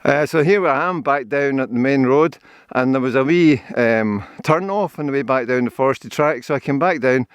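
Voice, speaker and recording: A man's voice: mid-range voice, normal speed, hardly any pauses, smooth, dry recording, clean studio sound. Chatty older Scottish man outdoors. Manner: chatty, rambling, cheerful about scenery. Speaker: vlogger. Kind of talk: casual walking and running commentary. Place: outdoor forest trail.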